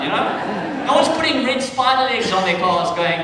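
South african guy doing standup, highish voice, sounds far from the mic in a big echoey room. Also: lively intonation, fast talker, a crowd in the background. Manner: loud, swearing, bursts into shouted punchlines. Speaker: stand-up comedian. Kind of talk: stand-up comedy set. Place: comedy club stage with a laughing crowd. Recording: echoey club room taped from a distance.

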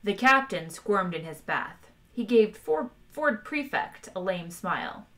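Bright-voiced woman reading aloud. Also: medium pitch, big pitch swings, a little slow. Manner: wry, chats with viewers between passages. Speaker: audiobook reader streaming live. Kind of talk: live-streamed book reading.

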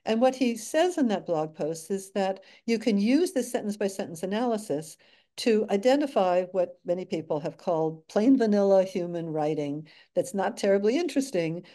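An older woman giving an academic slide lecture, measured with dry asides and frequent fillers. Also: mid-range voice, expressive, dark tone. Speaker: guest speaker.

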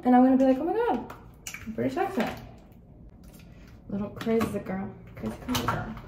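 Woman, twenties, from El Paso, chatty storytelling, slightly high voice, faint background noise. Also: reverberant, distant mic. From El Paso, Texas. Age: 20s. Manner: chatty, animated, swears freely. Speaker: vlogger. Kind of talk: casual get-ready-with-me storytelling.

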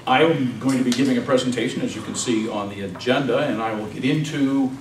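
A man's voice: medium pitch, quick pace. A man who is a club president, making playful jokes as he introduces a seminar evening. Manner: playful, jokey. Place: meeting room at a college. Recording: echoey room, distant mic, noisy.

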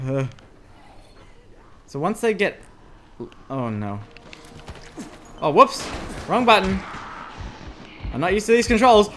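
A man talks through a zombie game demo on a desk microphone, reacting loudly to every scare. His voice sits high and bright, swinging widely in pitch with slow, drawn-out delivery between sudden squeals. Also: slight background noise. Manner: excitable, yelps and squeals when scared. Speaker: gameplay commentator. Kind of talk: let's play commentary. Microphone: desk USB microphone.

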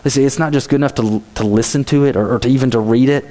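A man's voice: mid-range voice, racing, dark tone. A man giving a youth sermon in a church, speaking casually with many "you know"s and restarts.

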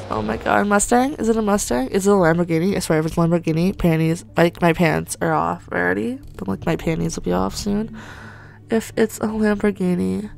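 A woman giving excited, gushing commentary while playing a racing game, swearing freely and often gasping and laughing. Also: mid-range voice, fairly quick, gravelly, faint music behind. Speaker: gaming channel host.

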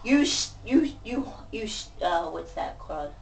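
A woman venting to camera in a profane rant, going from shouting to muttering. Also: mid-range voice, sing-song, unhurried, vocal fry. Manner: profane, ranting, swings between shouting and muttering. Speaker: vlogger. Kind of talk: angry venting monologue. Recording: voice distant from the mic.

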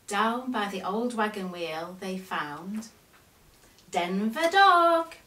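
A woman reading a children's bedtime story aloud in a slow, expressive way. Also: medium pitch, distant mic. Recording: echoey room.

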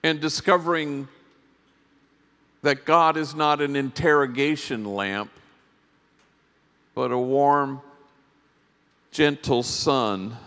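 A man speaking in a mid-range voice with a slow, deliberate pace. He tells stories with reflective pauses, like a priest addressing a conference. His words carry the long reverb of a large hall. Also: medium pitch, steady tone, sharp tone. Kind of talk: storytelling keynote talk.

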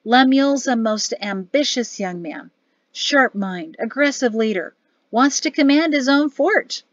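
A woman doing a booming, boastful old general. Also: animated, unhurried, no room sound, lo-fi sound. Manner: booming, barking laughter. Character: hearty boastful older male general, teasing.

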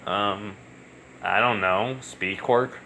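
A man's voice: on the low side, slow, bright, forceful tone, a little hiss or hum, exaggerated voice. Man doing Shadow, a cool male hedgehog.

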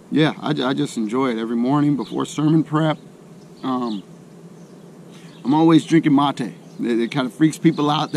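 A man chatting casually to camera outdoors by a lake, relaxed and rambling, with many restarts. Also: on the high side, slight background noise. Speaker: outdoor vlogger.

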